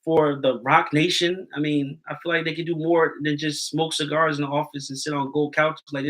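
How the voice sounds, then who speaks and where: A man co-hosting a podcast, relaxed and opinionated, often restarting his words. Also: on the high side, moderate pace, rough recording. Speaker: podcast co-host. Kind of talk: casual chat.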